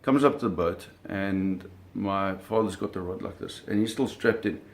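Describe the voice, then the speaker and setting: Man telling a story, casual spoken anecdote, fairly low voice, lively with sound effects and restarts. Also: moderate pace. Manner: frequent self-corrections and repeated words. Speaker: storyteller recalling shark hunting.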